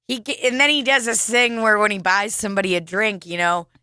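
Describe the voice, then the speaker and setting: Laughing, profane woman with a bright voice. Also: mid-range voice, fairly even intonation, a little fast, smooth, no echo. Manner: laughs often, blunt and profane. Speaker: comedy podcast co-host. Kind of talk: casual comedic chat.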